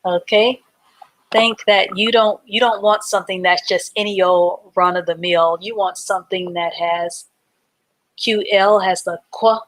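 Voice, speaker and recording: A woman's voice: mid-range voice, fairly even intonation, a little slow, low-quality recording. A woman teaching a live online reading class, patiently sounding out words letter by letter and praising her students.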